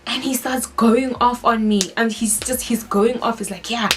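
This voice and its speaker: A woman with a South African accent, telling a personal story to her viewers in an animated, emphatic way. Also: a little high, normal speed, over music. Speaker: vlogger. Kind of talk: storytelling to camera.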